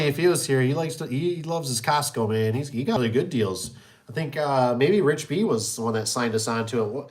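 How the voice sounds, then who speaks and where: A middle-aged man who runs a garage door business, chatting casually in a rambling, folksy way with many fillers. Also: mid-range voice. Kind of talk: casual chat.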